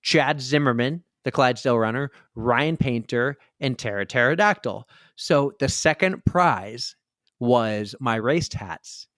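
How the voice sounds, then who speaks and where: A man co-hosting a podcast in casual chat, telling a story and acting out the quotes with big jumps in pitch. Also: a little slow, a bit bright, no room sound, studio quality. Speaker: podcast co-host.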